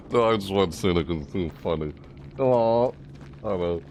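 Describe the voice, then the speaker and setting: A man's voice: low voice, moderate pace, a little mellow, slight background noise. A man giving chatty, casual commentary while playing a video game, reacting aloud and talking to himself. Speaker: gaming YouTuber.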